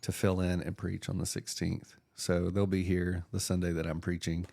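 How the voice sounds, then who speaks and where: A man with a deep, gravelly voice talks earnestly on a faith podcast. He sounds reflective and plain-spoken in casual chat. The recording is dry and close. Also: little pitch movement, normal speed, a little mellow, no room sound. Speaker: podcast co-host and church preacher.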